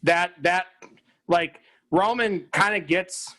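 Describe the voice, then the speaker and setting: A man's voice: sits high, takes it slowly, sharp tone. A man co-hosting a casual podcast chat, talking in a loose, rambling way and swearing casually. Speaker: podcast co-host.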